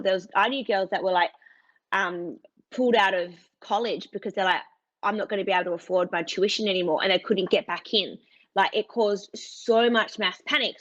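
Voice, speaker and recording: A woman's voice: mid-range voice, muffled recording. A woman guest on a podcast interview, telling her story earnestly and emphatically, with lots of fillers and quoted back-and-forth. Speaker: podcast guest, content creator.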